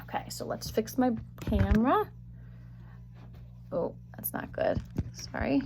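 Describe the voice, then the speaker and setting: Lady teacher doing a phonics lesson, bit high voice, sounds out words real slow and careful. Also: sing-song, background noise.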